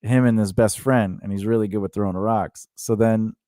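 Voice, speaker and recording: A man co-hosting a casual podcast chat, telling stories in a rambling, animated way with many restarts. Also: fairly low pitch, moderate pace, no room sound, clean studio sound. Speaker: podcast co-host.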